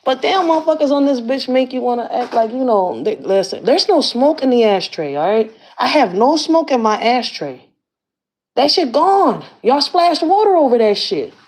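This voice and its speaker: A woman with a fairly high voice holds forth to her camera in a casual rant, swearing freely and slipping into slang. Her pitch jumps all over the place as she tells her story, lively and expressive from line to line. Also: moderate pace. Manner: blunt, profane, slangy storytelling. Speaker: community activist and channel host.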